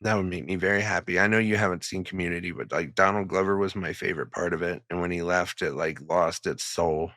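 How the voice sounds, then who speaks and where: A man's voice: low-pitched, fairly even intonation, quick pace, hardly any pauses, bright, forceful tone, no room sound, studio quality. A man co-hosting a podcast in casual chat, blunt and swearing freely. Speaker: podcast co-host.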